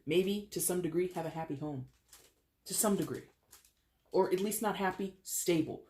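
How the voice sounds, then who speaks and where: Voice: mid-range voice, moderate pace, dark tone. A tarot card reader giving a casual monthly reading straight to the viewers, talking frankly with loose swearing and lots of pop-culture asides. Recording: roomy echo.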